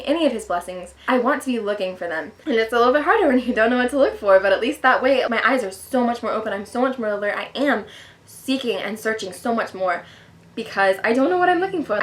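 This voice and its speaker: A young woman vlogger talking earnestly and casually about her faith, chatty and self-deprecating, with lots of filler words. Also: medium pitch. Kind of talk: casual devotional talk to camera.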